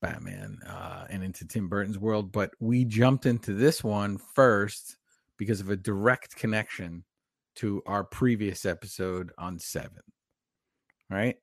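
A man co-hosting a casual podcast chat, talking quickly with fillers and easy laughs. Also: fairly low pitch, animated, dry recording, studio quality. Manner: chatty, talks fast with laughs and fillers. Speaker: podcast co-host.

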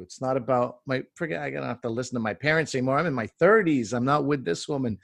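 A man in his forties from Canada, a comedian guest telling stories in a casual, animated way and acting out the voices. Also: medium pitch, a little fast, gravelly, few pauses, dry recording, clean studio sound. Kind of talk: casual storytelling.

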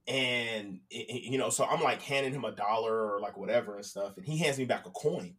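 A man's voice: medium pitch, normal speed, distant mic. A man casually telling a long funny story on a podcast, acting out the people he quotes. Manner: animated, acts out the people he quotes.

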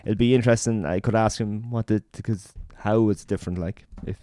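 A man's voice: lowish voice, fairly even intonation, brisk, dark tone, no room sound, studio quality. A young Irish man co-hosting a podcast, telling stories in a hesitant, rambling way with lots of fillers. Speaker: podcast co-host. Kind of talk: casual chat.

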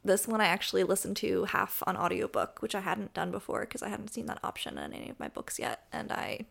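A woman's voice: mid-range voice, big pitch swings, brisk, gravelly, fairly bright tone, husky. A woman co-hosting a podcast, chatting casually about romance books in a chatty, self-deprecating way. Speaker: podcast co-host. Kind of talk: casual book chat.

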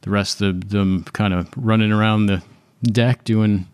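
A man narrating as game master in a tabletop game, relaxed and unhurried, with frequent fillers. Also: fairly low pitch, smooth.

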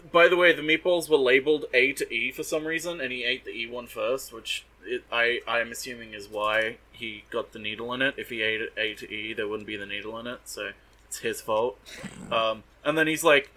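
A man's voice: medium pitch, normal speed, pushed and bright, poor audio. A man co-hosting a podcast, recapping an anime in a sardonic, swearing, casual way and mocking the characters in put-on voices. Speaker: podcast co-host.

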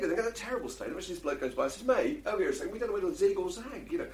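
A man's voice: sits high, very animated, racing, hardly any pauses, slight background noise. A man co-hosting a podcast, joking around and laughing at his own gags. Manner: jokey, laughs a lot, trails off quietly. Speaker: podcast co-host. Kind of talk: casual chat, telling jokes.

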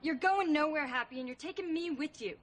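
A woman's voice: sits high, a little fast, voice pushed up, close to an everyday voice. A woman playing a fed-up scornful girlfriend. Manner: blunt, dismissive.

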